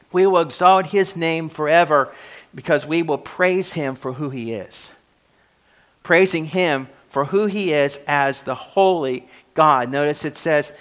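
A male pastor preaching a sermon, building up on repeated words and then dropping to a quiet close, with occasional restarts. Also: fairly high pitch. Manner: occasional restarts and self-corrections.

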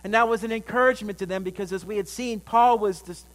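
A man preaches a sermon in a church sanctuary, with a fairly high voice. He tells a story, then builds to strong, emphatic peaks. His voice carries a long, ringing hall reverb. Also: brisk, hardly any pauses. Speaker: pastor.

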